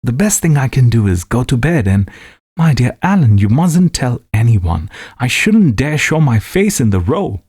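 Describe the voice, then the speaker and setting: A man voicing an embarrassed young gentleman who speaks in a sulky, rueful way. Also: medium pitch, sing-song, normal speed, husky.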